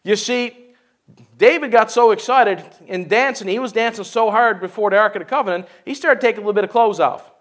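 Sex: man. Role: pastor. Style: sermon. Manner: folksy, joking, laughing. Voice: very high. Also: a little fast.

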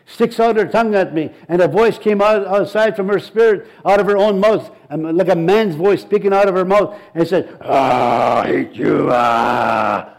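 Male pastor, sermon, high voice, animated storytelling, repetitive. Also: normal speed, hardly any pauses, low-quality recording. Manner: animated storytelling, acts out dialogue, frequent repetitions.

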